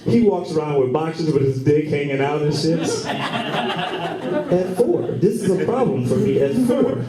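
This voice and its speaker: A man in his thirties doing a profane, animated stand-up set, acting out the people in his stories. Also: on the high side, a little slow. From Michigan, US. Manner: profane, animated storytelling with acted-out quotes. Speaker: stand-up comedian. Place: comedy club stage with laughing audience. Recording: roomy club recording from far off, crowd laughter.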